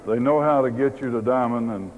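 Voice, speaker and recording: A man's voice: mid-range voice, a little fast. A man giving a folksy motivational talk to a convention audience, telling humorous anecdotes. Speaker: speaker at a business convention. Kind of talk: motivational speech with storytelling. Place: large auditorium. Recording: phone-like audio in a reverberant hall.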